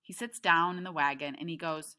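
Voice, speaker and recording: A woman teacher reading a novel aloud to her class, expressive, with chatty asides to the students. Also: low voice, fairly quick.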